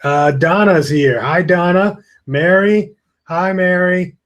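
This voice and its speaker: A man's voice: high-pitched, steady tone, takes it slowly. A tired man hosts a live webinar from his webcam. His talk is loose and rambling, and he greets viewers by name. He stifles yawns as he goes. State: tired, yawning. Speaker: online course host. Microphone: webcam with screen beside it.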